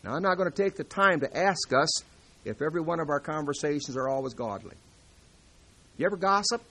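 Male preacher, high bright voice, surges from hushed asides to ringing emphatic readings. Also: animated, a little fast, husky. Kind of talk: sermon.

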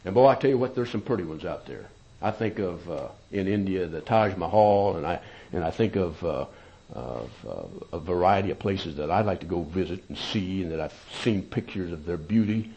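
A man's voice: sits low, expressive, moderate pace. Emphatic male preacher, dull lo-fi recording. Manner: emphatic, swinging between loud peaks and quiet asides. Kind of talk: sermon.

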